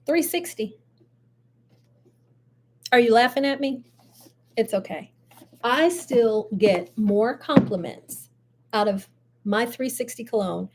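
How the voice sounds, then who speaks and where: Older female host, chatty, talks straight to viewers, a touch high-pitched. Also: slow pace, pauses often, a little mellow, slight background noise. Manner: chatty, laughs often, addresses viewers directly. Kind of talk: casual live-stream chat.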